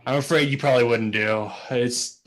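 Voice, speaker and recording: A man voicing a drunk, embarrassed man in a bar in a tabletop game, speaking in halting, stammering bits. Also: mid-range voice, fairly even intonation, fairly bright tone, lightly acted. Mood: apologetic.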